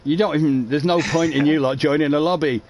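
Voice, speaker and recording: A man's voice: on the high side, quick pace, a little mellow. A man chatting casually on a racing livestream, rambling and making self-mocking jokes. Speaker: race streamer, commentator.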